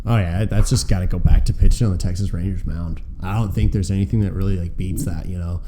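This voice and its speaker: A man, a guest on a casual podcast, telling stories in a lively way with frequent laughs and many fillers. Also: deep voice, fast talker, background noise. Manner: animated storyteller, laughs often, many fillers and repeats. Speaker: guest, sports fan.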